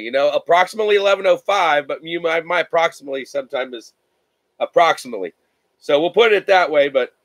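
Man, livestream host, rambling casual chat, bright tone, dry sound. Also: sits high, no room sound, low-quality recording. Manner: rambling, with many fillers and restarts. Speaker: card-breaking livestream host. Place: home.

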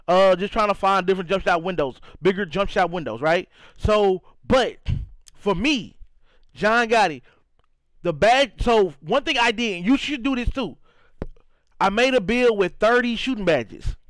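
This is a young man from St. Louis, Missouri, streaming a game and chatting loosely as he reacts to chat, repeating himself and often saying "you know what I'm saying." The voice sits high with a fairly bright tone, in an echo-free but low-quality recording.

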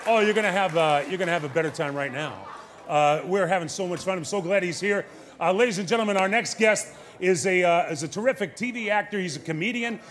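A man's voice: high voice, quick pace, fairly bright tone. A man hosting a variety TV show, introducing his next guest with enthusiasm and a few fillers. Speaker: TV show host. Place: TV studio.

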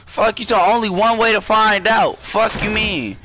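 A young man giving profane, excitable horror gameplay commentary, jumping into screams and then downplaying it. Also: sits high, moderate pace, slight background noise. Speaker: gaming streamer.

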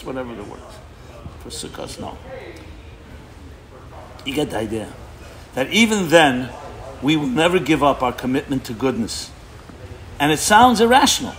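Emphatic rabbi giving an impassioned sermon. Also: male voice, fairly high pitch. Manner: impassioned, emphatic, restarts words mid-phrase.

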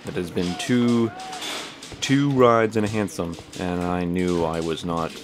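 A man's voice: sits low, fairly even intonation, measured pace, faint music behind. A man casually commenting while playing a game, rambling, swearing and talking to himself. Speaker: gameplay commentator. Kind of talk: casual let's-play commentary.

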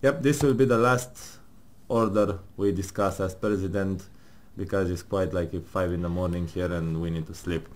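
A man's voice: low-pitched, fairly even intonation, moderate pace. Man, casual gamer, jokey, laughs often, swears, mock-serious read-aloud tone. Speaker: gamer playing with partner. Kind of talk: casual gaming commentary, reading game text aloud.

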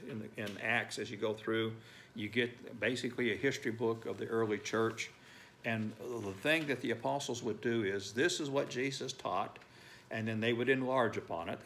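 A man's voice: mid-range voice, vocal fry, a bit bright, a little hiss or hum. An older man in his sixties preaching a sermon, emphatic, repeating phrases and reading scripture aloud. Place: church sanctuary.

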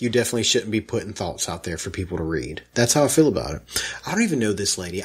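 Husky man ranting with lively swings. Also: medium pitch. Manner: indignant, animated ranting storyteller. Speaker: podcast co-host. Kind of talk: casual chat.

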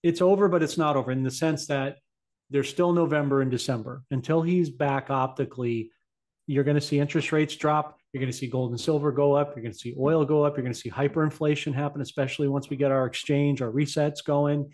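A man's voice: on the high side, steady tone, a little fast, a little mellow. A man hosting a casual chat in an easygoing way, laying out his predictions with confidence. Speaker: host.

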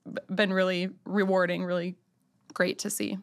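A woman's voice: on the low side, little pitch movement, moderate pace. Earnest woman business owner. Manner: earnest, heartfelt storytelling. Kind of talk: casual interview talk.

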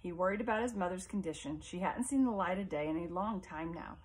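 A woman reading a novel aloud as audiobook narration in a measured, expressive way. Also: lowish voice. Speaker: audiobook reader.

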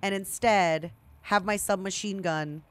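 A young woman streaming a video game, chatting casually with viewers in excitable bursts. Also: mid-range voice, unhurried. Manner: excitable, yelling and laughing bursts. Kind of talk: casual gameplay commentary. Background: game music.

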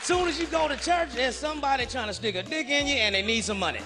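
A man doing a stand-up comedy routine in a blunt, profane, animated way. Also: extremely high pitch, fast talker. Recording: live show with crowd and music.

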